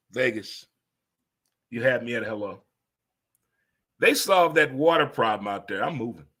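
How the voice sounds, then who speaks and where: A man in his fifties riffs through a casual sports talk monologue in a bright, forceful voice. He rambles and exclaims, jumping into sudden high-pitched outbursts. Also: lively intonation, normal speed, pauses often. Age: 50s.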